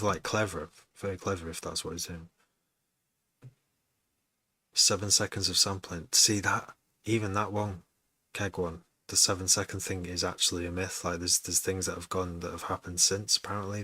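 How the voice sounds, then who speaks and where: In a dry recording, a man's low-pitched voice sounds bright and forceful. He's casually chatting on a music production stream, rambling, cursing often, repeating words, and cutting himself off mid-sentence.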